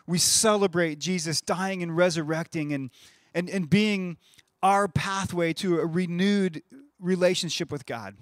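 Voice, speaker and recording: Guy in his 30s preaching, fairly high voice, dry close sound, chatty and stumbles over his starts. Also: no room sound. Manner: conversational, repeats words when starting phrases. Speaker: pastor. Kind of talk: sermon.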